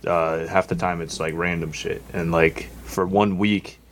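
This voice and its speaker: Low-voiced man telling a rambling story. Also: level tone, measured pace, slight background noise. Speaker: podcast co-host. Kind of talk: casual chat.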